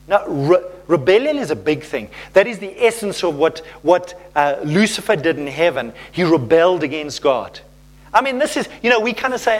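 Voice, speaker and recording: A man's voice: a little high, sing-song, moderate pace. A man preaching a sermon as pastor, reading scripture and acting out playful little voices.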